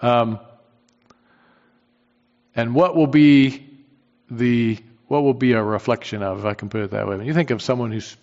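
A man leads a Bible study, talking it through informally with frequent restarts and questions tossed to his listeners. His voice sits at an ordinary middle pitch. The recording is dull and lo-fi, with a long hall reverb trailing each phrase. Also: steady tone, moderate pace, long pauses, a little mellow. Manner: thinks aloud with frequent restarts, asks the class questions. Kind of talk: conversational Bible teaching.

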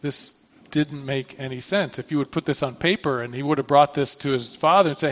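Speaking fairly quickly in a mid-range voice, a man preaches a sermon captured in lo-fi sound. As a pastor, he reads scripture and then talks it through conversationally, breaking off for asides and restarting sentences.

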